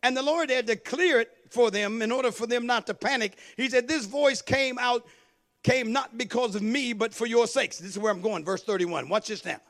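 A male pastor preaching a sermon with call-and-response, building into shouted, half-sung cadences. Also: very high voice, normal speed.

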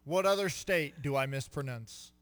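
Teasing male sports show co-host, slightly higher voice. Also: moderate pace, fairly bright tone. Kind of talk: casual sports radio banter.

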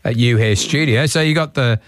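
A man's voice: medium pitch, fairly quick, no room sound, studio quality. A man hosting breakfast radio in casual chat, laughing easily and restarting his sentences.

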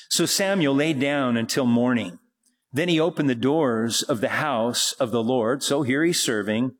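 A man teaching verse by verse through scripture, reading passages slowly and then explaining them, his voice rising when he presses a point. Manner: rises in pitch and force when pressing a point. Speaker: Bible teacher.

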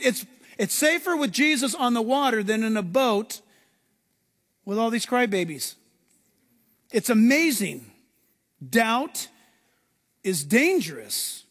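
High-voiced animated male pastor preaching. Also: takes it slowly, pauses often, long reverb tail, some chatter behind. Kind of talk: sermon.

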